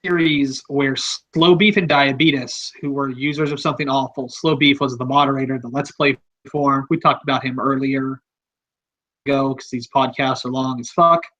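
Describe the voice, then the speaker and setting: A man's voice: mid-range voice, fairly even intonation, moderate pace, fairly bright tone, rough recording. A man hosting a podcast, talking in a rambling, offhand, casual way and swearing freely. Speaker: podcast host.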